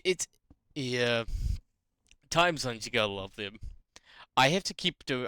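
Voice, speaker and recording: Lively New Zealand man in his twenties. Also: medium pitch, smooth, no room sound, clean studio sound. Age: 20s. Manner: chatty, animated storytelling, laughs often. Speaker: game streamer. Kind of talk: casual chat with live chat.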